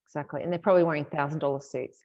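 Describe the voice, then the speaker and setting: A woman's voice: sits low, fairly even intonation, rapid-fire, crowd noise. A woman hosting a podcast, chatty and agreeable as she recaps points. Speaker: podcast host. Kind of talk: casual podcast chat. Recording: dull, dry lo-fi sound.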